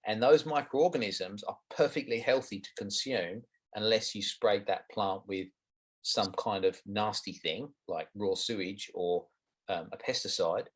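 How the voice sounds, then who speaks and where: A man's voice: fairly low pitch, measured pace, husky. A middle-aged Australian man answering interview questions about gardening, frank and explanatory. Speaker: guest gardening expert.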